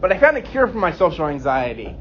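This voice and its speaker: Twenty-something guy doing standup, high voice that swings around, self-deprecating, kinda muffled recording. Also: quick pace, a little hiss or hum. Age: 20s. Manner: self-deprecating, deadpan punchlines. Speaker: stand-up comedian. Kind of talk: stand-up set. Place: comedy club stage. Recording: dull lo-fi recording.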